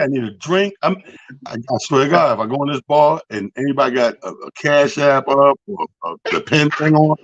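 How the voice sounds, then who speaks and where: Loud, profane New comedian host. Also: male voice, medium pitch, a little fast, dry recording, highs cut off. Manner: loud, profane, animated trash talk. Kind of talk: casual comedic radio chat.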